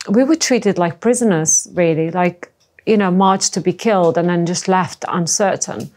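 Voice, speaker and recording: A middle-aged woman from the former Yugoslavia, recounting her past in a halting, emotional personal testimony. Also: medium pitch, darkish tone. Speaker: interview guest.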